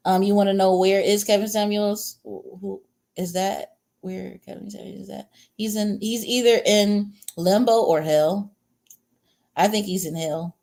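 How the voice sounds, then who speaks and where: On a relaxed livestream, a tarot reader chats her way through a reading, answering comments from viewers, rambling, and being crude and blunt while chuckling often. She has a warm, mid-range voice with vocal fry, a steady tone, and a measured pace.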